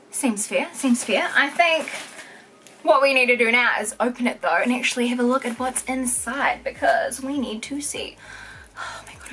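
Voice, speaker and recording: A young woman, unboxing products in an excited, giggly vlog, exclaiming over each item. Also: on the high side, a little hiss or hum. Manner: gushing, giggly, keeps exclaiming.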